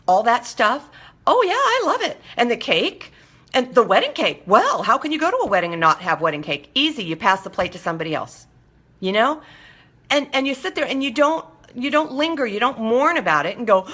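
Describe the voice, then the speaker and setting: A woman hosting a live motivational chat, reading out viewer comments and answering them emphatically, jumping up high on her punchlines. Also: bright, forceful tone. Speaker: host of a live call-in show.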